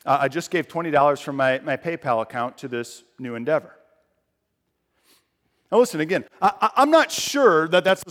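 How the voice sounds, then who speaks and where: A man preaches to his congregation, talking plainly and then building to forceful, emphatic lines. His voice sits a little high for a man. A long reverb from the hall trails each phrase. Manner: conversational preaching, rising to emphatic outbursts. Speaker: pastor. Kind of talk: sermon.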